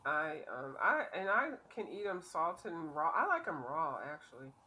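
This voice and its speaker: A woman's voice: sits low, very animated, normal speed, pushed and bright. A woman hosting a livestream, chatting casually and playfully while coloring, laughing often. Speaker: host.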